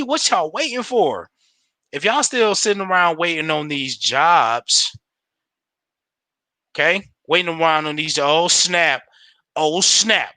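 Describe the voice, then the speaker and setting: A man giving a casual, slangy pep talk on a livestream, animated and laughing often. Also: high voice, moderate pace, no room sound. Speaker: home business promoter on a livestream.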